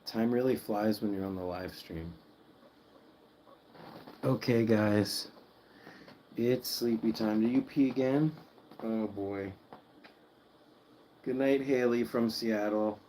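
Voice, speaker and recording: Sleepy man, slow and low. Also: slight background noise, low-quality recording. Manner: soft-spoken, cooing to his guinea pigs. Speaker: pet channel host. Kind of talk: late-night livestream chat. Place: home at night, indoors.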